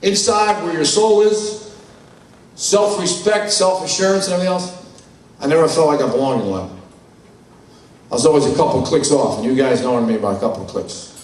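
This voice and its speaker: A man's voice: fairly high pitch, a little fast, pauses often. An older man from New York giving a candid, blunt personal testimony at a conference, telling his story with salty language. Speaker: conference speaker. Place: large conference hall. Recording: echoey hall, mic from far off.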